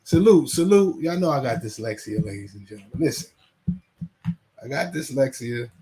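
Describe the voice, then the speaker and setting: A man's voice: medium pitch, lively intonation, normal speed, dark tone. A man hosting a casual livestream, rambling, laughing and reading chat names aloud. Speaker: livestream host.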